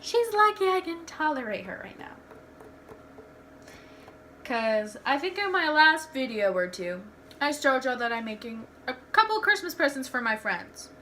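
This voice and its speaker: A woman's voice: sits high, big pitch swings, unhurried, sharp tone, slight background noise. A young woman tells personal stories in a candid, rambling home vlog, restarting her sentences often. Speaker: vlogger. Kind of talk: casual storytelling vlog.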